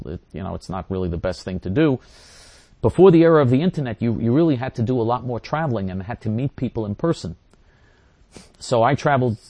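A man's voice: on the low side, warm tone, no echo. A middle-aged man hosting a show and answering listener questions in a casual monologue. He speaks emphatically, repeating phrases and often restarting his sentences.

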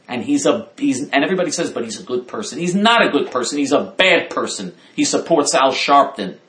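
A man delivers heated political commentary. His voice sits at an ordinary middle pitch, and he hammers his points home again and again. The sound is roomy and echoey. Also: fairly bright tone. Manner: indignant, emphatic, repeats himself.

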